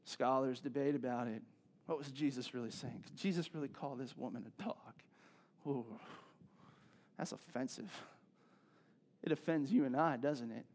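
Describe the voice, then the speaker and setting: A man's voice: medium pitch, moderate pace, darkish tone. A male pastor giving a sermon in a conversational way, with joking asides and questions to the congregation.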